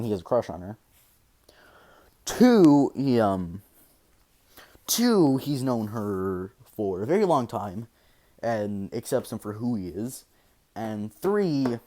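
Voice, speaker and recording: A man's voice: fairly low pitch, a little mellow. A man telling an improvised fan story in a meandering way, full of fillers, restarts and casual swearing. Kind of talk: rambling improvised story narration.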